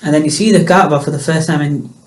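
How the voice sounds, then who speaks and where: A man's voice: fairly high pitch, fast talker. A man hosting a casual chat, eager and chatty as he shares his own experience. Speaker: host.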